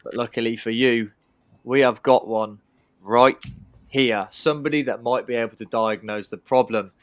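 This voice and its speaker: A man's voice: mid-range voice, moderate pace, no echo. A young man hosting a casual podcast, cheeky and swearing, hyping up his guests. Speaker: podcast host. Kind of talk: casual banter.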